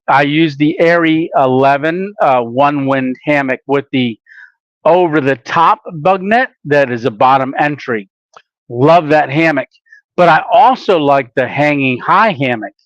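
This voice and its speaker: Male live-stream host with a slightly high voice, casual and rambling, full of filler sounds. Dry, muffled lo-fi sound. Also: dry recording.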